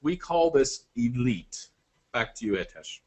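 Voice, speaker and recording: A man presenting an online selling course, walking through sales examples in an upbeat, salesy pitch with quick asides. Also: sing-song.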